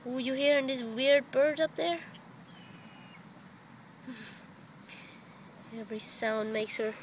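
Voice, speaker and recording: A woman's voice: high voice, slow pace, a little hiss or hum. A woman filming her pets outdoors in a back yard on a phone, talking to them in coaxing baby talk with short, sing-song questions. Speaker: pet owner filming her dog and rabbit. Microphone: phone camera held while filming.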